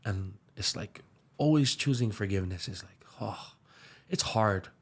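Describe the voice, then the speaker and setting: A young man with a lilt speaks earnestly in a low, gravelly, slightly husky voice. He tells his story candidly as a podcast guest and sinks into a soft hush in the tender moments. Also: animated, a little slow. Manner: earnest, slips into soft hushed tones when emotional. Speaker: musician and aspiring pastor.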